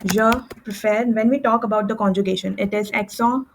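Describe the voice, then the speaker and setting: A woman tutoring French, explaining verb endings step by step with fillers and quick self-corrections, at a desk with a computer mic. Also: medium pitch, fairly even intonation, a little hiss or hum, rough recording. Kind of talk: screen-share language lesson.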